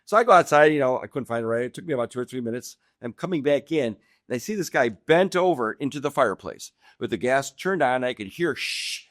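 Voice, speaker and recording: A middle-aged man appearing as a guest on a podcast, telling animated anecdotes and laughing often as he goes. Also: medium pitch, quick pace, few pauses, no room sound, clean studio sound. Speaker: guest real estate agent. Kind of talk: casual podcast storytelling. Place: indoor podcast room.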